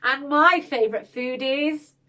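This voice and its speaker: A woman's voice: high-pitched, measured pace, pushed and bright. A woman voicing a small, clever male mouse from a storybook, chirpy and boastful.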